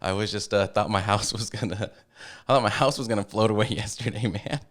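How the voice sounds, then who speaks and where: A man with a fairly low voice co-hosts a casual podcast. He is easygoing and laughs a lot, mostly backing his partner up with brief agreeing replies before he jumps in with his own stories. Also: fairly even intonation, fairly quick, a bit bright. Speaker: podcast co-host. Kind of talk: casual chat.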